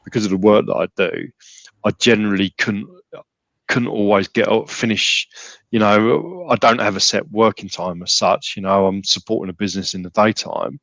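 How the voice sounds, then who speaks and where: A man's voice: fairly low pitch, moderate pace, creaky, fairly bright tone, dry recording, low-quality recording. A man talking casually as a podcast guest, rambling with many restarts and fillers. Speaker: gym member guest.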